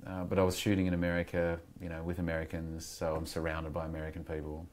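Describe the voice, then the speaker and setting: A low-pitched Australian man chatting as a guest on a podcast. He rambles in a candid, reflective way and thinks aloud as he goes. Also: completely flat delivery, fast, a little mellow. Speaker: guest actor. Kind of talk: casual interview chat. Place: podcast studio.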